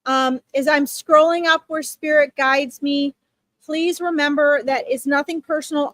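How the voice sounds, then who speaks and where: A woman's voice: sits high, dry recording. A woman hosting live psychic readings, talking casually and reassuringly to her viewers, with frequent okays and ums. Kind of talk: casual livestream talk to viewers.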